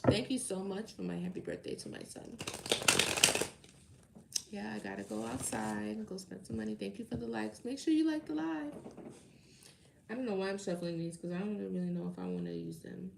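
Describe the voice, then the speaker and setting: Tired, gravelly woman chatting on a live stream. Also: mid-range voice, expressive, normal speed, pauses often, noisy background. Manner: rambling, chatty, talks straight to viewers. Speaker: tarot reader hosting a live stream. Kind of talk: casual live-stream chat.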